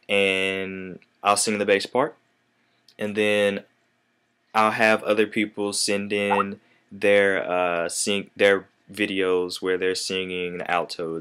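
A man's voice: sits low, clean tone. A young man in his twenties giving a casual, rambling vlog update to his viewers. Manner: relaxed, rambling with fillers. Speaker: vlogger.

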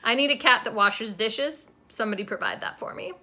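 A woman's voice: a little high, lively intonation, fairly quick, sharp tone. A young woman chatting casually in a vlog at a friend's home, wry and self-deprecating, filming on a handheld phone. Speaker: vlogger. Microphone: handheld phone camera.

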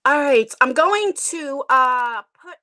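A middle-aged woman hosts a casual home livestream from her attic, chatting straight into a tablet. Her voice sits high and sounds bright. She rambles with plenty of fillers, and the room sound is close and dry. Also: expressive, slow, no room sound. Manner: chatty and rambling, many fillers, self-conscious laughs. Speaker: channel host. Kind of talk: casual livestream chat with viewers. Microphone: tablet device.

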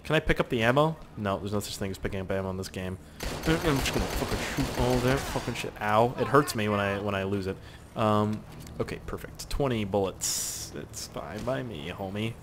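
A young man giving let's play commentary, excitable and profane, yelling at the game. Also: on the low side, a little fast, background noise. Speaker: gaming youtuber.

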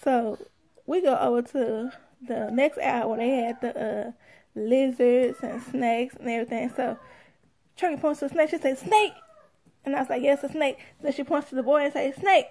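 Sassy high-voiced woman telling a story. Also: normal speed. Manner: animated, sassy, acts out quotes. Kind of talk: casual storytelling.

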